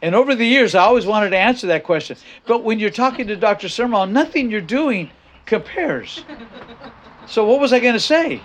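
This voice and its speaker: A man's voice: sits high, a bit bright, slight background noise. An older man preaching a sermon as a pastor, emphatic, repeating his key phrases and often restarting his sentences. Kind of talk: sermon with personal story.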